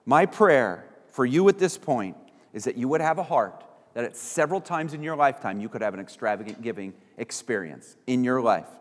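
A man's voice: mid-range voice, lively intonation, fairly quick. A man preaching a sermon as pastor, acting out little voices of the people he quotes. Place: church sanctuary. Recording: church hall reverb.

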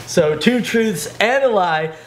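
A young man with a Canadian accent hosting a casual group chat, excitable and jokey. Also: sits high, slow, noisy background. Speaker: show host.

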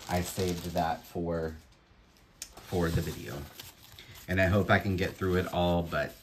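Low-voiced man musing over jewelry finds. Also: background noise. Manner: admiring, musing aloud. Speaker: jewelry reseller. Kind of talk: unboxing commentary.

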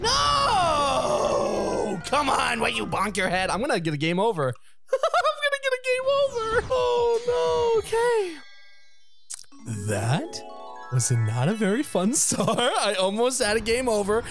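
Excitable man yelping over game music. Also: sits high, moderate pace. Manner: excitable, laughing, frequent yelps and shouts. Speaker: gameplay commentator. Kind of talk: let's play commentary. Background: video game music.

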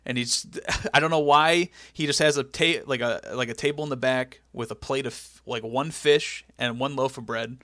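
Bright-voiced young man recapping wrestling. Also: mid-range voice, moderate pace, few pauses, no room sound, studio quality. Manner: animated storytelling with goofy impressions. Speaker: podcast co-host. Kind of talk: casual comedic recap chat.

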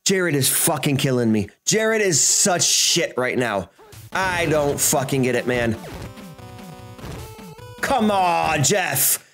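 A man hosting a gaming channel, ranting and swearing through his gameplay commentary, swinging between shouting and muttering. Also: a little high, very animated, takes it slowly, pauses often, soft background music.

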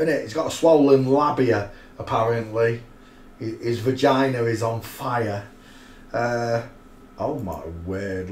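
Scornful man, rambling stream host. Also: mid-range voice. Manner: rambling, scornful, crude banter with asides. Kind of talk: mocking live-stream commentary. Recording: roomy echo, faint noise.

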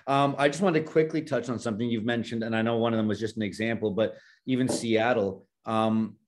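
A man's voice: on the low side, steady tone, fairly quick. A man co-hosting a podcast, asking earnest, conversational questions. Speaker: podcast co-host. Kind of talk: podcast interview.

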